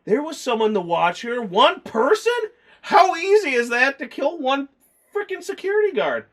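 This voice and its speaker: A man's voice: very high voice, big pitch swings, moderate pace, a bit bright. A man chatting casually through a movie review, rambling and acting out scenes in mock voices. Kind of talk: casual film review chat.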